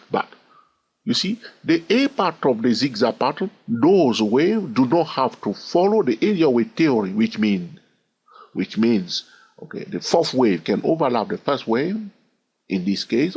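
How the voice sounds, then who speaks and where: Man, trading instructor, husky voice, lively sing-song counting, repeats himself, dull lo-fi recording. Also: medium pitch, normal speed. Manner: repetitive, keeps asking "all right?"; counts wave numbers aloud in a sing-song way. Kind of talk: recorded chart lesson.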